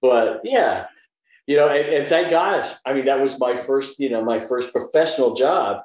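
A man's voice: medium pitch, normal speed. A man in his seventies, an actor being interviewed over a video call, telling stories animatedly and acting out the people he quotes. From American South. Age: 70s. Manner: animated anecdote teller who acts out quoted voices. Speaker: actor guest. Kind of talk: casual interview storytelling. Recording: roomy echoey room.

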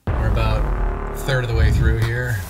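A man with a lowish voice gives laid-back game commentary, thinking aloud in a dry, self-mocking way. Loud music plays under his voice. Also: completely flat delivery, normal speed. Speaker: gaming channel host. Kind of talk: casual game commentary while opening card packs. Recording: voice over loud background music.

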